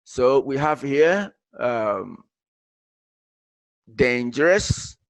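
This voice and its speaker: A man teaches an English grammar lesson, explaining in English mixed with Arabic, halting and repeating himself with many fillers. His mid-range voice is very animated, with no room sound.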